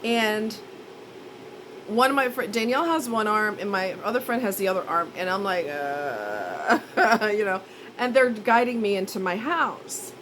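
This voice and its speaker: A woman's voice: medium pitch, moderate pace, a bit bright, slight background noise, rough recording. A woman telling a rambling, self-mocking story in a chatty, casual way. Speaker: vlogger.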